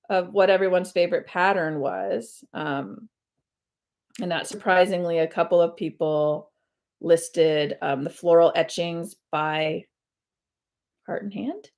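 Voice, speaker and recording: A woman's voice: fairly low pitch, darkish tone. A woman chatting casually at home on a live stream while she stitches, rambling with many fillers and self-corrections. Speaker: host of a cross-stitch video channel.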